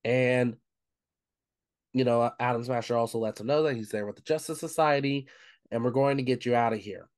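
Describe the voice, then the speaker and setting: A man's voice: medium pitch, fairly even intonation, moderate pace, a little mellow, dry recording, clean studio sound. A man co-hosting a book club podcast, casually recapping the plot, leaning on "um" and "of course" as he goes. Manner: retells plot with frequent "um" and "of course".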